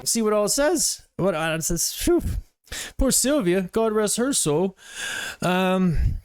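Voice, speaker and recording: A man's voice: high voice, animated, slow pace, clear, resonant tone, faint music behind. A man, a comedian, rambling casually as he reacts to online videos, with lots of fillers. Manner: rambling, chatty, filler-heavy.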